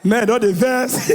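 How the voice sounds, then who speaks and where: A man with a Nigerian accent doing a stand-up comedy routine, animated and shouting his punchlines while acting out the voices in his jokes. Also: very high-pitched, slight background noise. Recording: live venue with long reverb.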